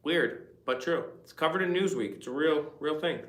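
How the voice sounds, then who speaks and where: A man's voice: on the high side, normal speed, a bit bright, roomy sound. A man hosting a casual livestream chat, rambling and reading viewer comments aloud. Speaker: livestream host.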